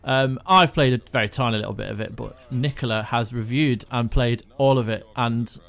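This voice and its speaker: A man hosting a casual video chat, asking questions haltingly with restarts. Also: mid-range voice, gravelly, a bit bright. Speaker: host.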